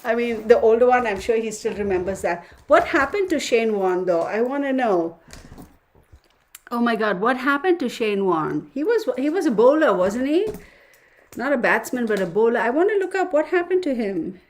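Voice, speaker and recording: A woman's voice: a little high, moderate pace. Chatty middle-aged woman livestream host. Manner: chatty, excitable storytelling. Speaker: tarot reader hosting a livestream. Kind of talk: casual livestream chat with viewers.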